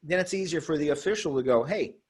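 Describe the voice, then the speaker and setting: A man's voice: fairly high pitch, fast talker, husky. A man, president of an officials association, talking in a rambling, casual way with many repeated words and restarts. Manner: rambling, repeats words, acts out coaches' retorts. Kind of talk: casual discussion.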